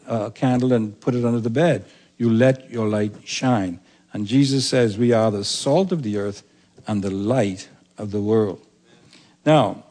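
A man pastor preaching a sermon in an earnest, emphatic way, slowing down to read scripture aloud. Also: mid-range voice, darkish tone.

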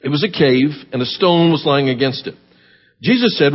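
A man with a Southern American accent preaching a sermon, reading scripture aloud and then explaining it in a measured, earnest way. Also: a little high, breathy edge, dull audio. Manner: reads verses then explains them plainly, measured and earnest. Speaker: guest preacher.

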